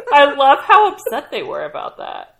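A woman's voice: high-pitched, huge pitch swings, a little slow, vocal fry, fairly bright tone. A woman co-hosting a casual chat, mostly reacting with laughter and short comments.

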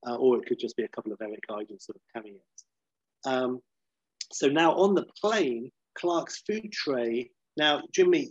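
A man on a podcast pitching a film idea in casual comedic chat. He tells the story animatedly, with lots of fillers, and acts out the scenes as he goes. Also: husky, no room sound. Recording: dry, slightly dull lo-fi sound.

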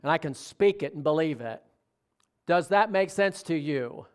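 A man's voice: a little high, animated, moderate pace, clean tone. A man preaching a sermon in a conversational way, often asking the congregation questions. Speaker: pastor.

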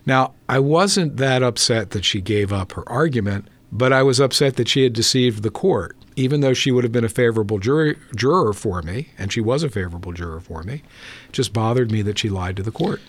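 A man's voice: mid-range voice, fairly quick. A trial attorney speaking on a podcast panel, telling stories from his cases and acting out the people in them. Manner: storytelling, acting out courtroom dialogue.

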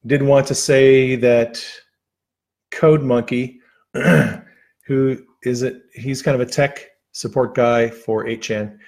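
A man talking loosely to his viewers on a livestream, his voice worn down after a long session. He wanders through his thoughts with plenty of fillers, false starts and restarts, sitting at a mid pitch for a man. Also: fairly even intonation, vocal fry, darkish tone. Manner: rambling, halting, with many fillers and restarts. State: losing his voice. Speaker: livestream host. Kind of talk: casual livestream chat.

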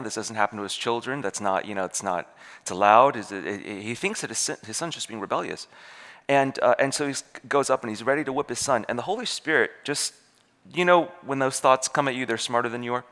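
Guy preaching a story, bright lively voice, big echoey church hall. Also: on the low side. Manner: animated, acts out voices in his stories. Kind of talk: sermon storytelling. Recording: long hall reverb.

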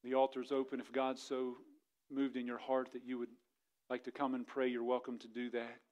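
A young adult man preaching a sermon as a pastor, building to loud impassioned passages and then easing into a soft prayerful close. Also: medium pitch, completely flat delivery, normal speed, highs cut off.

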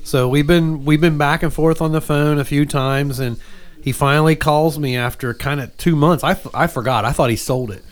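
A man's voice: on the high side, fairly even intonation, moderate pace. A man telling a long story in casual chat, rambling, with many restarts and asides.

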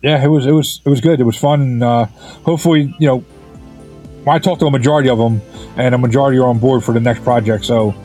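A filmmaker being interviewed, who talks in a halting, casual way, full of fillers and restarts. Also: male voice, mid-range voice, steady tone, dark tone, slightly rough, soft background music, rough recording. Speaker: filmmaker guest.

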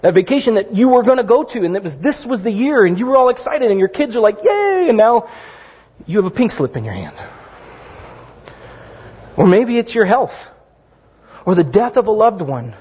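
Middle-aged male pastor, high husky voice, conversational sermon delivery; reverberant hall. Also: moderate pace, pauses often. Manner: conversational, animated storytelling with asides. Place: church sanctuary. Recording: dull lo-fi sound in a reverberant hall.

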